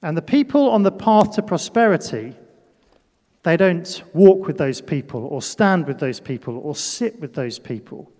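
A man's voice: a little high, lively intonation, moderate pace, darkish tone. A man preaching a sermon with a children's demonstration in a church hall. He talks playfully, pokes fun at himself and calls up volunteers.

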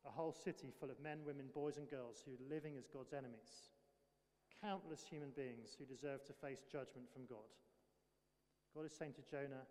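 A man's voice: mid-range voice, steady tone, moderate pace, darkish tone. A man preaching a sermon, earnest and pressing his listeners with rhetorical questions. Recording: long hall reverb.

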